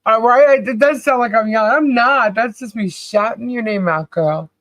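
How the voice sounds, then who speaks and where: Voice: mid-range voice, moderate pace, fairly bright tone, no room sound. A podcast co-host chatting casually on a livestream, cheerfully calling out viewers' names and laughing often.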